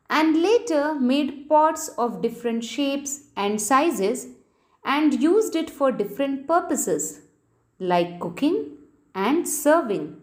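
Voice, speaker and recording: With a darkish tone to her high voice, a woman teacher walks young kids through reading and explaining a textbook lesson. She speaks unhurriedly in a swooping, sing-song manner and stops to spell out key words letter by letter.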